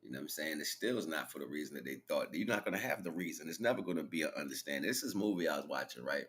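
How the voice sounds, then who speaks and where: Low-voiced man rambling on a stream. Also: lively intonation, racing, a bit bright. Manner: rambling, slangy, laughs while retelling. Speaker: livestream host. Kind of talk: casual spiritual monologue.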